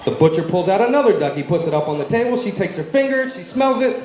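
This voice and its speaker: Male stand-up comic, high-pitched, rapid-fire joke teller, roomy club sound. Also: animated, darkish tone. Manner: rapid-fire punchline delivery, ribbing the audience. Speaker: stand-up comedian.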